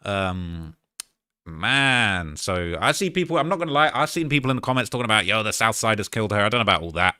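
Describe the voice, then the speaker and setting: A man talks quickly in a bright, forward voice as he hosts a casual live stream. His pitch sits on the lower side, and he keeps slipping into slang while re-quoting bits of a clip. The close mic sounds dry, with no room around it. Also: very animated, clean tone, no echo. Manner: slangy, re-quotes clip lines.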